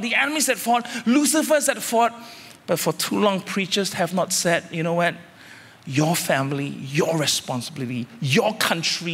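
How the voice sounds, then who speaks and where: A man preaching a sermon as senior pastor, emphatic, repeating phrases and climbing suddenly louder. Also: high-pitched, slightly rough, big-room sound.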